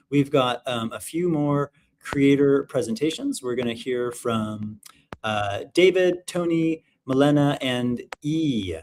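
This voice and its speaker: An upbeat man in his thirties hosts a casual online showcase, rambling cheerfully and filling gaps with ums and likes. His voice sits at an ordinary middle pitch, with a faint hiss of noise under the video-call audio. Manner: upbeat, rambling, filler-heavy. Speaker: livestream showcase host. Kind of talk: casual online livestream hosting.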